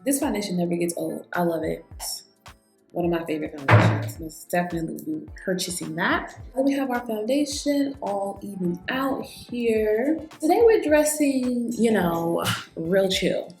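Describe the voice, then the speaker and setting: A woman's voice: mid-range voice, moderate pace. Chatty woman vlogging in an echoey room. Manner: chatty, animated storyteller, talks straight to viewers. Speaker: beauty vlogger. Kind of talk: casual chat while doing makeup. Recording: echoey room with faint background music.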